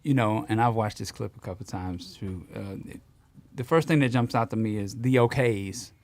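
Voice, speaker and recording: A man co-hosting a podcast, chatting in a relaxed, conversational way. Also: lowish voice, normal speed. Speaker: podcast co-host. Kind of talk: casual chat.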